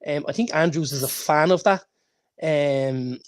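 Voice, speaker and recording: A man's voice: a little high, unhurried. A man, co-hosting a football podcast and telling anecdotes with many false starts. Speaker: podcast co-host. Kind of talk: casual football chat.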